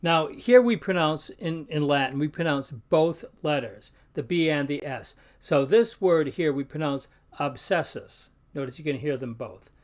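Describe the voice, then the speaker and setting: In an instructional video, a Latin teacher with a fairly high voice teaches pronunciation. He speaks carefully, sounding out example words slowly.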